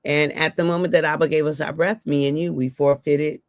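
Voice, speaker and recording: Woman hosting a morning stream, raspy fry in her voice, repeats stuff for emphasis, dry close sound. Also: low-pitched, flat delivery, a little fast, dry recording. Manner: emphatic, repeats key phrases, affectionate to listeners. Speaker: host of a morning live stream. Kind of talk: motivational talk to viewers.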